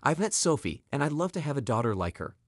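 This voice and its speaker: Brief: soft-spoken, reassuring young man voiced by a male narrator, lively intonation, dry close sound. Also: mid-range voice, quick pace, no echo. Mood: earnest. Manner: gentle, reassuring. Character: kind, patient young man helping a girl.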